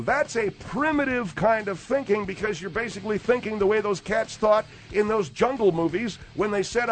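A man's voice: sits high, animated, normal speed, hardly any pauses, faint music behind. A man hosting a radio talk show, talking in a brash, emphatic, salesy way.

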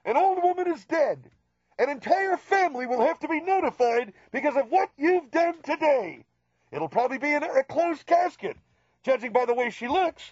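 A man playing his own father as a grim driving instructor, yelling dire warnings in a high-pitched voice. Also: lively intonation, moderate pace, no echo. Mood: grimly dramatic. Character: shrill middle-aged male dad, grim driving instructor. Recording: slightly dull lo-fi recording.

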